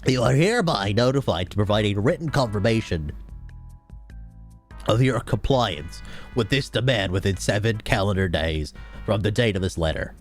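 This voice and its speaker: A stern grown man lays down legal threats in stiff, formal, menacing tones, as a man puts him on. The voice sounds strained, as if the throat is giving out. His pitch swings around more than you'd expect. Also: expressive, normal speed, soft background music, close to an everyday voice. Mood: threatening. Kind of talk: mock reading of a letter.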